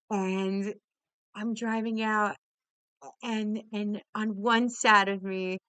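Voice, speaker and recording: Woman, casual storyteller, bright and clear, dry close sound, swears and laughs a lot. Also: mid-range voice, no echo. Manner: exuberant, swears freely, laughs often; many restarts and repeated words. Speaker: podcast host.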